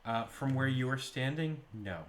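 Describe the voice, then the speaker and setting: A man running a tabletop game as game master, describing scenes slowly with measured pauses. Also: mid-range voice, roomy sound, a little hiss or hum.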